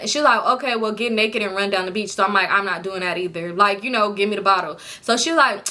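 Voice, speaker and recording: Bright-voiced woman telling a story. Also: mid-range voice, quick pace, hardly any pauses. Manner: animated, profane, acts out quotes. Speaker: storytime vlogger. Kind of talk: casual storytelling.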